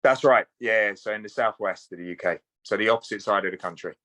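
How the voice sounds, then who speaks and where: A British man chats as a podcast guest, polite and a little hesitant, with plenty of pauses. His voice is fairly low, and the sound is dry and close. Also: bright, forceful tone, dry recording, poor audio. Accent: British English. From Britain. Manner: hesitant, polite, lots of ums. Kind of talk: casual chat. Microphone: video call.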